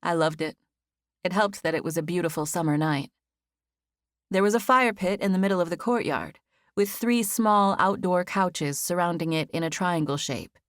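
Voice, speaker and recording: Female audiobook narrator, gentle first-person storytelling, slightly low voice, dry studio mic. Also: normal speed, no echo.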